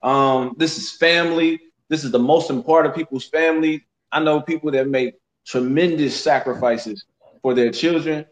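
A man co-hosting a casual podcast, joking in a mock-earnest way. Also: fairly high pitch. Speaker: podcast co-host. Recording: echoey room.

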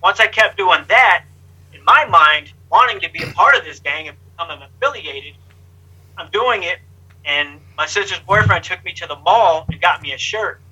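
In an interview, a male guest candidly recounts his life story in a high, sharp, very bright, husky voice. His talk is blunt and streetwise, peppered with slang and the occasional curse, and he slips into other people's lines as he goes. His intonation is lively, his pace normal, and the audio is poor.

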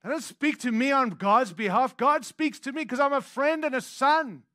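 At a moderate pace, a man preaches to his congregation as their pastor, alternating whispered, intimate passages with loud proclamations and conversational side comments. The recording is dry, with clean studio sound.

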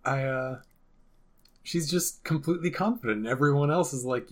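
A man's voice: medium pitch, moderate pace. A man co-hosting a casual podcast about a TV episode, making dry, sarcastic jokes. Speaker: podcast co-host.

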